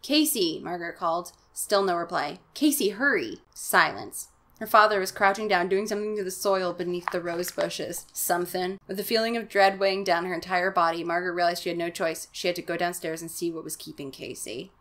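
A young woman reads a children's horror story with theatrical flair, breaking off into sarcastic, profane commentary. She hams up the characters' lines in exaggerated put-on voices. Her voice is bright and tense. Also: fairly low pitch, steady tone, a little fast. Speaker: host reading a children's horror book aloud. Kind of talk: comic dramatic reading with asides.

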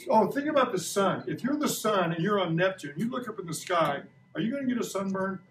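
Man, 60s, playful classroom science teacher; slightly high voice, roomy distant classroom sound. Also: expressive, brisk, crowd noise. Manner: playful, joking, asks kids questions. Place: school classroom. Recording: echoey classroom recorded from a distance.

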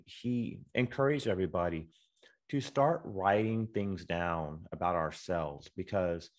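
A middle-aged man from Texas, a photographer, giving an informal talk on photography, chatty and full of fillers, acting out sample dialogue. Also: lowish voice. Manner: conversational, acts out sample dialogue, many fillers. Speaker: guest speaker, photographer.

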